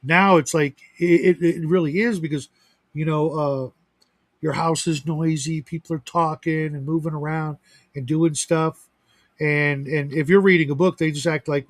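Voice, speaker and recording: This man runs a livestream and rambles in casual chat, full of restarts and side comments. His pitch is fairly high, his tone steady, his pace moderate.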